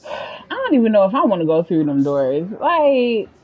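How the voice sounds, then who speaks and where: A chatty, expressive woman with an African American English accent, giving casual commentary on a video game to her viewers. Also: medium pitch, normal speed, highs cut off. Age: adult. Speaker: gaming streamer.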